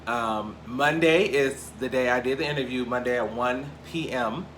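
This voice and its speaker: A young man from Cleveland hosting a casual gossip show, talking in a lively, profane way with big swings between loud and quiet. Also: mid-range voice, moderate pace, slight background noise. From Cleveland, Ohio. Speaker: podcast host. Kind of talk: casual celebrity gossip chat.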